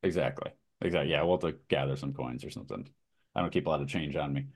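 A young man co-hosting a casual podcast, relaxed, agreeable and quick to laugh. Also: very deep voice, slightly rough. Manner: easygoing, laughs often, agreeable backchannels. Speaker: podcast co-host. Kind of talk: casual chat.

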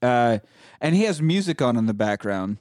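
A man recapping a film's plot in casual chat, animated and crude. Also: medium pitch, normal speed, no room sound, studio quality. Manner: animated storytelling with crude humor. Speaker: podcast host recapping a film.

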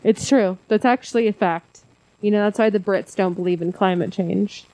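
A woman's voice: medium pitch, normal speed, mellow, no echo, rough recording. Woman podcast host, casual rambling chat, laughs a lot, dry close mic. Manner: rambling, self-deprecating, laughs often.

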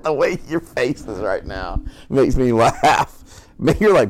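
A man's voice: medium pitch, expressive, slow pace, a little hiss or hum. A man co-hosting a casual podcast. He swears freely, laughs a lot and tells stories in put-on voices. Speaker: podcast co-host. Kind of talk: casual chat.

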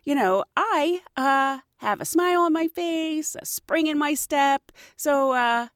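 A woman flight attendant telling stories in a casual, animated way, laughing often. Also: high voice, takes it slowly, dry recording, clean studio sound. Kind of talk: casual storytelling.

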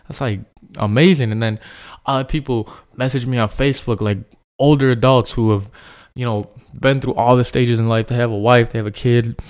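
An earnest young man talks through his thoughts alone on his podcast. His voice sits at an ordinary middle pitch, and his delivery is loose and reflective, with plenty of fillers. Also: fairly even intonation, fairly quick, a little mellow, clear, resonant tone. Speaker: podcast host. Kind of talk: solo podcast monologue.

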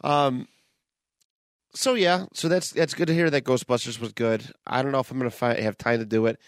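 A man's voice: mid-range voice, fairly even intonation, moderate pace, dry recording, studio quality. A man co-hosting a podcast, chatting loosely and swearing while he rants in a laid-back way. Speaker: podcast co-host. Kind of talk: casual chat.

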